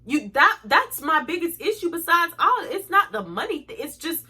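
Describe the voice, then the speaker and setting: A woman's voice: very high-pitched, big pitch swings, moderate pace, sharp tone, faint music behind. A young woman telling a storytime to her viewers, blunt, profane and indignant as she rants. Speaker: vlogger. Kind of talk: storytime rant.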